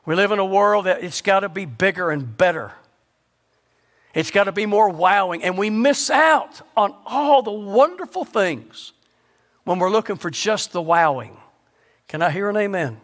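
A man with a high-pitched voice preaches to his congregation. He asks question after question and drops into a quiet hush on his key words. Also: expressive, moderate pace. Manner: rhetorical questions, sudden drops to a low hush for emphasis. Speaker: pastor. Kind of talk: sermon.

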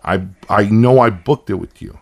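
A man's voice: lowish voice, normal speed, gravelly. A man in his thirties, a podcast co-host, telling a story in casual chat, acting out both sides of a conversation and swearing when worked up.

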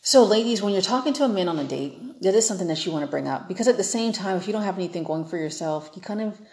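A woman's voice: mid-range voice, expressive, rapid-fire, darkish tone, roomy sound. A woman giving frank, chatty dating advice in a casual monologue, acting out the people she quotes.

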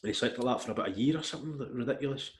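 A man telling a long story in casual chat, rambling and animated, with restarts and swearing. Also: medium pitch, rapid-fire, a little hiss or hum. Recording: echoey room.

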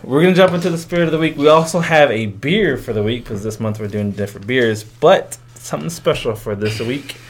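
A man's voice: mid-range voice, expressive, a little fast, few pauses, slight background noise. A man hosting a podcast in casual chat, loose and laughing, swearing freely. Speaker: podcast host.

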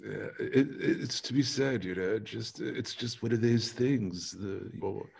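Posh-sounding English man, low voice. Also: a little slow, gravelly, a little mellow, slightly rough. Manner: dry jokey banter, mock-grand turns of phrase. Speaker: host. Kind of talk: comedic casual chat.

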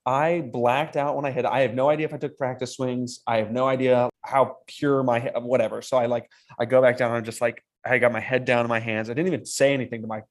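Animated young man telling a story. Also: mid-range voice, fast talker, hardly any pauses. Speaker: podcast co-host. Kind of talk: casual storytelling chat.

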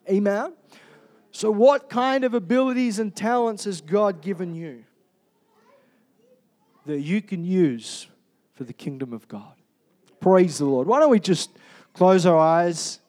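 A man's voice: high voice, measured pace, pauses often, a little mellow. A young adult man preaching a sermon to a congregation, telling a personal story and calling out "Amen?" as he goes. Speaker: pastor. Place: church hall.

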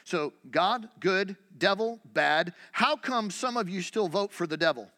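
A man's voice: high-pitched, lively intonation, measured pace, pushed and bright. A man preaching a sermon in a conversational way, full of rhetorical questions and restarts, in a church. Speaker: pastor. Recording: long hall reverb.

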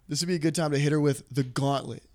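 A man's voice: fairly high pitch, steady tone, quick pace, a little mellow. A young man co-hosting a podcast, rambling and swearing in casual banter with frequent laughs. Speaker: podcast co-host.

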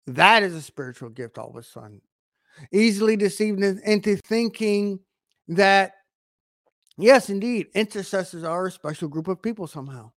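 A man's voice: fairly high pitch, no echo, studio quality. A man preaching a sermon, emphatic, often restarting his phrases.

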